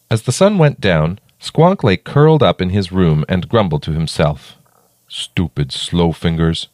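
A man narrating a children's story in a playful, expressive way. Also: low voice, no echo, studio quality.

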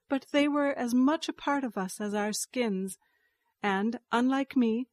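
Woman narrator, higher voice, unhurried, dry studio read. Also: no room sound. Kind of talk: scripted story narration.

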